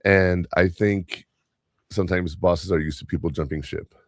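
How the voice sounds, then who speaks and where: Man, low voice, podcast host, casual rambling storyteller, dry close sound. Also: fairly even intonation, normal speed, no echo. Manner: chatty storyteller, many fillers and restarts. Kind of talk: casual chat.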